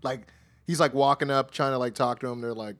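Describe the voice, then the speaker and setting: A man's voice: medium pitch, steady tone, fairly quick, fairly bright tone. A man co-hosting a podcast, recapping wrestling shows in loose, profane chat, laughing often and acting out quotes. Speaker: podcast co-host.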